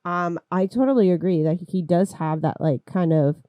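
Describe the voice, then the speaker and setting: A woman's voice: fairly low pitch, moderate pace, mellow, clear, resonant tone, dry recording. Woman, podcast co-host, casual film chat, sarcastic and jokey, dry close sound.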